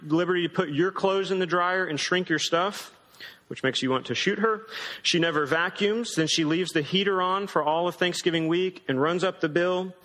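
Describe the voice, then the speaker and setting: A man's voice: fairly high pitch, fairly bright tone. A man pastor preaching a sermon in a conversational, emphatic way. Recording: long hall reverb.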